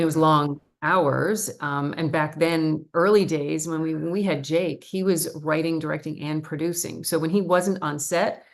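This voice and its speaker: A middle-aged woman talks as an interview guest in a deep, low voice. Her tone has a gravelly, fried texture. She tells stories in a chatty, animated way. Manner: chatty, animated storyteller with laughs. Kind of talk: casual interview chat.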